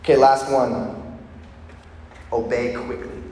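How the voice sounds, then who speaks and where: A man preaching a sermon, telling stories with lively call-and-response to his congregation. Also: medium pitch, slow pace. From Lancaster County, Pennsylvania. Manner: energetic, storytelling with call-and-response. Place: large hall with audience. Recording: echoey hall recorded from far off.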